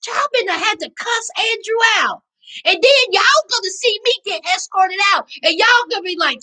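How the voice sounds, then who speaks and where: A woman with a Southern US accent hosting a casual live recap, reading chat aloud and riffing in a sassy, animated way. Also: extremely high pitch, normal speed, rough recording. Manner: sassy, animated, calls viewers child and honey. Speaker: livestream host reading chat.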